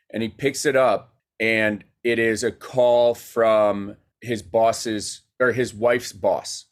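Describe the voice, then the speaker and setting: A man, a guest filmmaker, telling a story in a casual podcast chat, animated and rapid with many fillers. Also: lowish voice.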